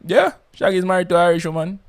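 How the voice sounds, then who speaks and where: A man's voice: high voice, lively intonation, quick pace. A man from Jamaica hosting a podcast in casual chat, laid-back and laughing, often repeating himself. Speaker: podcast host.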